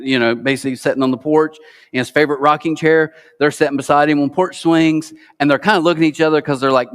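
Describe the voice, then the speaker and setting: American pastor preaching in a reverberant hall. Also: male voice, fairly high pitch, quick pace. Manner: animated storytelling, acts out quoted voices. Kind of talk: Easter sermon. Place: large church auditorium.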